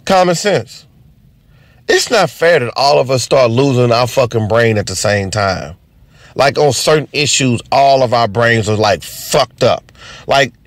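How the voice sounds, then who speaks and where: A man's voice: medium pitch, no echo. A man doing an unscripted, profane comedy rant as a stand-up comedian. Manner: profane, animated, ranting.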